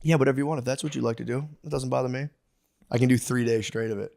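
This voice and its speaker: Casting: man, 30s, comedy podcast co-host, loose rambling delivery, mid-range voice, jumps to shrill yelps when quoting. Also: steady tone, rapid-fire, vocal fry, darkish tone, no echo, studio quality. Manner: rambling, acts out quotes with sudden high yelps. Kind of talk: casual comedic chat.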